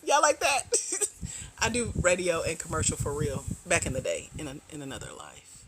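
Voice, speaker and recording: A woman hosting a casual livestream as a grant coach, animated and slangy, teasing her viewers and laughing often. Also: fairly low pitch, a little fast, noisy background.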